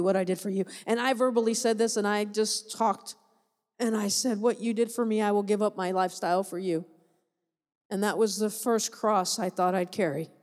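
A woman missionary giving a personal testimony to a church audience, telling her story with animation, laughter and repeated phrases for emphasis. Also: a little high. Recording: echoey hall reverb.

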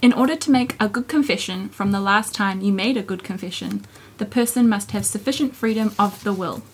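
A woman recites formal, confession-style instructions in a calm, even, liturgical manner. Her voice is husky and mid-pitched. She keeps each line steady and deliberate. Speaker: assisting reader.

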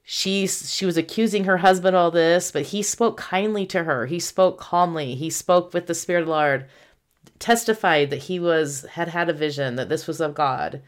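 A woman's voice: fairly low pitch, moderate pace. A woman co-hosting a casual gospel discussion, retelling scripture stories with animation and laughing easily. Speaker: podcast co-host.

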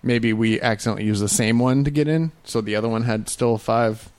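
A man tells stories in a relaxed, opinionated way. His voice sits mid-range, and the recording is dry, with no room sound. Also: medium pitch, brisk, clean tone, dry recording. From Boston area. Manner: storytelling, opinionated, laid-back. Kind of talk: casual chat.

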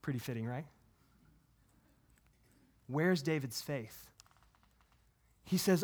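A man who is a pastor, preaching a sermon in an earnest way and talking straight to his congregation, swinging from hushed to loud and fervent. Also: medium pitch, animated, takes it slowly, pauses often, slightly rough. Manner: talks to the congregation directly, asks questions.

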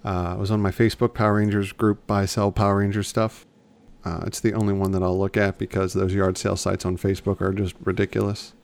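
A man's voice: deep voice, little pitch movement, brisk, gravelly, darkish tone, smooth. A man co-hosting a podcast in casual chat, rambling and often restarting his sentences. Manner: chatty, rambling, self-correcting. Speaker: podcast co-host.

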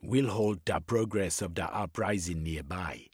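A man's voice: sits low, measured pace, husky, no echo, clean studio sound. A man doing the Pearly King, a clipped cockney leader. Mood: urgent. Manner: clipped dialect speech.

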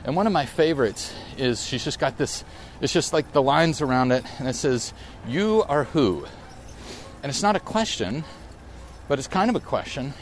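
A man's voice: mid-range voice, expressive, a little fast, slight background noise. A man in his late forties hosting a casual solo podcast outdoors while riding through a park, talking in a rambling, reflective way that keeps correcting itself. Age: 40s. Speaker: podcast host.

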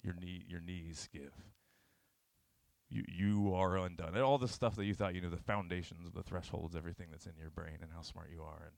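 A young man preaching in a casual, earnest way, with his voice sitting on the low side. He jumps from quiet, hushed lines to sudden loud bursts. The sound is dry and close, with no room echo. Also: fairly even intonation, brisk, creaky. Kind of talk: informal sermon retelling scripture.

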